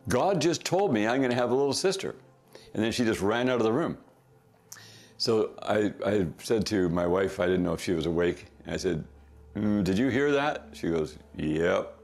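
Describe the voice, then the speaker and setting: A middle-aged man casually telling a family story as a podcast guest, chuckling often and throwing in quick asides. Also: low-pitched, darkish tone.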